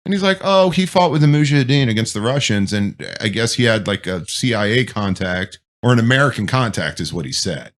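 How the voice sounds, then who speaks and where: A man's voice: fairly low pitch, brisk, hardly any pauses. A man, a military veteran, telling profane stories from deployment in a casual podcast chat. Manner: profane, animated war storytelling.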